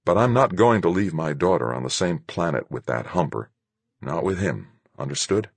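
A man's voice: deep voice, animated, moderate pace, gravelly, husky, dry recording, full character voice. A man voicing a cool, clipped female starship captain in an audiobook, curt and impatient.

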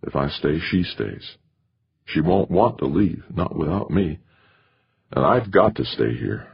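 A man's voice: very deep voice, sing-song, unhurried, creaky, husky, heavily acted. A man voicing an anxious, earnest male scientist, in a dull lo-fi audiobook recording.

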